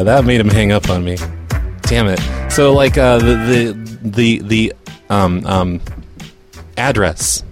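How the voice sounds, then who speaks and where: Man, prank caller, playful, mocking, stammering, light music behind. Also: on the low side. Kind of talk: prank call livestream chat.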